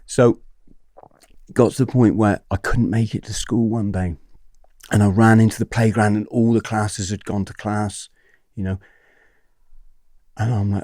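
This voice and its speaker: Low-voiced man telling a raw story. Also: moderate pace, no echo, studio quality. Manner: animated, swearing, keeps checking in with the host. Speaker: podcast guest. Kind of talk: candid storytelling interview.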